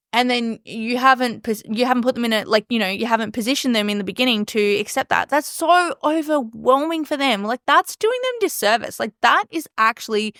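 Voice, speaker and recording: A young woman hosting a casual solo podcast, talking fast and chatty, laughing often and swearing casually. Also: on the high side, expressive, a bit bright, no echo, studio quality. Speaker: podcast host. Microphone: podcast mic.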